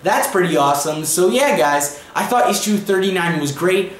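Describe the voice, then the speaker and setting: A man's voice: sits high, expressive, moderate pace, roomy sound. A young man giving a chatty comic book review in a casual vlog, with plenty of fillers as he retells the plot.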